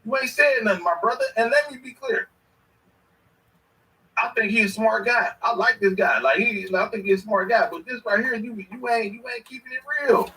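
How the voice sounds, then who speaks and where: A man's voice: high voice, normal speed, bright, forceful tone, far from the mic, poor audio. A man, giving heated, repetitive commentary as he reacts to a clip. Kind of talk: ranting commentary.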